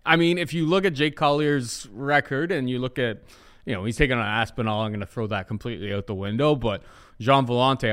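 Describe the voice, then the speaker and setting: A man co-hosting a casual podcast, talking through fight odds in a measured, analytical way with frequent fillers. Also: medium pitch, clear, resonant tone. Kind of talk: casual podcast chat making betting picks.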